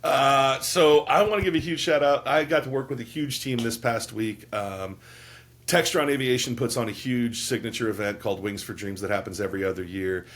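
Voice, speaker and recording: A man who is a DJ and podcast co-host, with a Midwestern American accent, giving emphatic, enthusiastic shout-outs. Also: mid-range voice, normal speed. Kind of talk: casual podcast chat.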